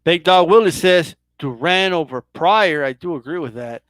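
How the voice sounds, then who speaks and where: Male stream host with a high, lively voice, teasing, dry room. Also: moderate pace, clean tone, dry recording. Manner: teasing, reads viewer questions. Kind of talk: casual live-stream chat.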